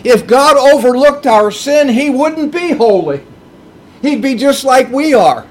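A man's voice: very high-pitched, animated, unhurried. A middle-aged man preaching a sermon, earnest and emphatic, repeating his key points. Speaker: pastor.

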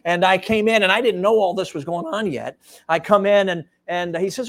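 High-voiced male preacher telling a story. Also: fairly quick. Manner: animated storytelling with frequent fillers, drops to hushed tones for emphasis. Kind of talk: sermon storytelling.

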